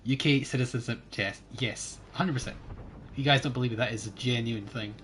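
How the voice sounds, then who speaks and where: A young Scottish man chatting casually while streaming a game, jokey and talkative, often trailing off quietly. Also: mid-range voice, brisk, slight background noise. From Scotland. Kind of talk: casual gaming chat.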